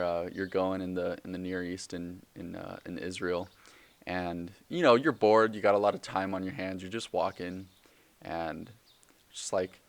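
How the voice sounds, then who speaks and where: Deep-voiced young man rambling on a podcast. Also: dry recording. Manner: rambling, joking, self-correcting with many fillers. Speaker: podcast host. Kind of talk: casual solo podcast monologue.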